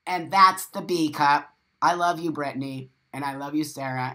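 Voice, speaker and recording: A man's voice: on the high side, moderate pace. Emphatic, swearing male live-stream host. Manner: emphatic and profane, repeats phrases for emphasis; animated, with sudden loud exclamations. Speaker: host of a live morning show. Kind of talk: live-stream chat, reading viewer comments aloud.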